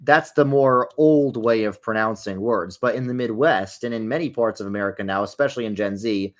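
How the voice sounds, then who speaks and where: A young man with a fairly low, fairly quick voice chats casually into his desk mic while gaming on a livestream, answering viewer questions. His talk rambles from point to point, and he keeps slipping in dry, sarcastic asides.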